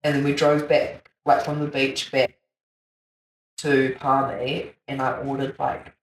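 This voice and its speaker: Animated New Zealand woman in a roomy space. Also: very deep voice, unhurried. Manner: animated storytelling, laughing, swearing, slangy. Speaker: podcast host. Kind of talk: casual chat. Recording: roomy, distant mic, faint ambience.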